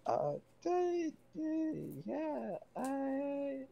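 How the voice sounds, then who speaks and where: A man putting on Challen, a high stammering adventurer. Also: big pitch swings, vocal fry, highs cut off, crowd noise, exaggerated voice. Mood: stunned. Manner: halting, stammering, high-pitched. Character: awkward friendly male adventurer, stammering.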